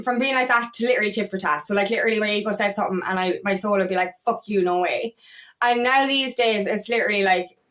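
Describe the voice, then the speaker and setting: A woman's voice: fairly high pitch, a bit bright. A woman life coach talking in a motivational vlog, emphatic and blunt, swearing often and acting out her inner voices. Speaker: empowerment coach.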